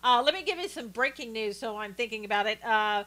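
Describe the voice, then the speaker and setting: A woman with a fairly high, bright, forward voice hosts a live stream in a loose, conversational way. She talks through political opinions with plenty of "uh"s and greets her viewers by name as she goes. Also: lively intonation, a little fast. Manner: chatty, opinionated, with frequent fillers and greetings to viewers. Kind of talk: casual political commentary, reading viewer chat.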